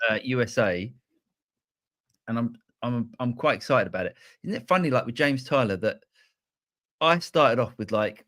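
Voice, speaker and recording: A man's voice: mid-range voice, animated, moderate pace, pauses often, a bit bright. A man co-hosting a live show, talking in a rambling way with many restarts. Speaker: co-host. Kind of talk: casual live show chat.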